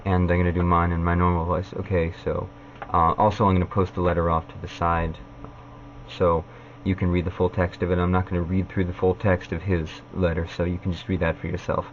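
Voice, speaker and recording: A man vlogging a point-by-point rebuttal, halting and full of "uh" fillers. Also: sits low, flat delivery, highs cut off, a little hiss or hum. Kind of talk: casual vlog rebuttal.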